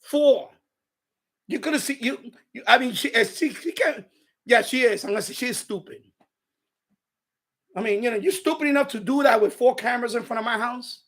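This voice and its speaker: A man hosting a livestream, casually and bluntly retelling a quarrel with a neighbor, with profanity and animated quoted lines. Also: very high voice, normal speed, pauses often. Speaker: radio hobby livestream host.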